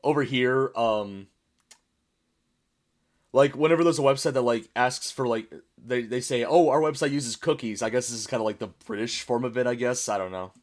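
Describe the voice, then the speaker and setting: A man's voice: medium pitch, normal speed. A man hosting a casual reaction video, rambling through chatty explanations and laughing often. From United States. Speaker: YouTube reaction host.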